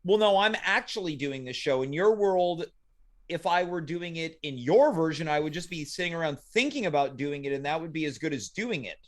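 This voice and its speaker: Male call-in host with a high voice; dry, bemused comic interviewer. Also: expressive, brisk. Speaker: talk show host. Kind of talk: comedic live call-in show.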